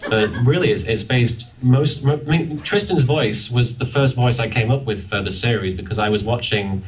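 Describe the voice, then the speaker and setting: A man speaking as a guest on a convention panel, talking casually with frequent restarts and stumbles. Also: mid-range voice. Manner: halting, many restarts. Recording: distant audience-camera recording.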